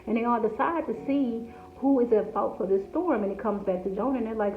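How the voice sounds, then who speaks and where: A woman's voice: on the high side, brisk, hardly any pauses, a little hiss or hum. Woman preaching over a tinny echoey line. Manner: conversational, with frequent asides. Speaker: devotional speaker. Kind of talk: informal devotional message. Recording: echoey, tinny phone-like sound.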